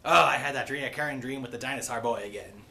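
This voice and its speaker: Fussy, bewildered old ice wizard with a bright voice, as a man puts him on. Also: medium pitch, fast talker, creaky. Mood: confused.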